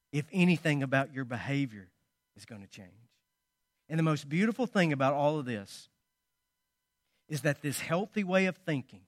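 A male pastor preaches in a fairly high voice, telling stories with loud punches and soft asides. The sound is close and dry, with no room echo. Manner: storytelling, swinging between loud emphasis and quiet asides. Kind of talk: sermon.

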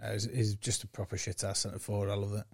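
A man's voice: lowish voice, monotone, fast, gravelly, slightly rough, dry recording, studio quality. A man co-hosting a casual football podcast, blunt and sweary in his banter. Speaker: podcast co-host.

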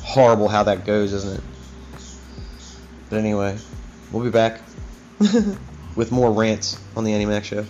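A man's voice: on the low side, unhurried, long pauses, darkish tone. A man hosting his own talk show, ranting in a heated, profane, rambling way. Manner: profane, heated and rambling, with many "you know what I mean"s. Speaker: host. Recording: dull lo-fi recording with faint music.

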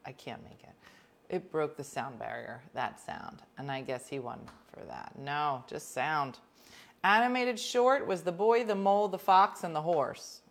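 A woman hosting a casual chat, telling rambling stories with quick whispered asides. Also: deep voice, creaky.

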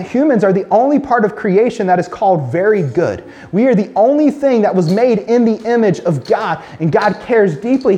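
High-voiced man preaching a sermon. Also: a little mellow. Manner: earnest, emphatic, slows and drops low when quoting God. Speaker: pastor.

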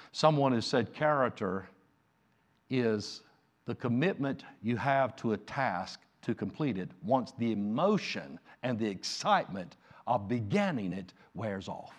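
A male pastor delivering a Sunday sermon, moving from quiet personal storytelling to loud, emphatic preaching. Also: on the low side, expressive, measured pace.

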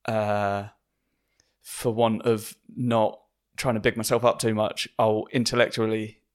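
A man's voice: on the low side, flat delivery, unhurried. A man, a stand-up comedian hosting a podcast, talking in a chatty, self-deprecating way and laughing often. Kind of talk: casual podcast chat.

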